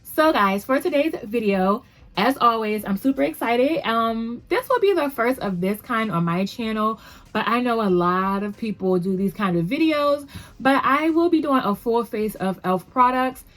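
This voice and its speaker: A woman's voice: on the high side, lively intonation, moderate pace, a bit bright. A woman hosting a casual makeup tutorial at home, chatty and upbeat, rambling a little with fillers as she talks to the camera. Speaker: beauty vlogger.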